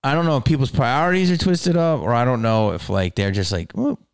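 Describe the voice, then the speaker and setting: A man hosting his own podcast, rambling in a casual, profane monologue that swings from mumbles to loud outbursts. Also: mid-range voice, brisk, clear, resonant tone, no room sound, studio quality. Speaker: podcast host.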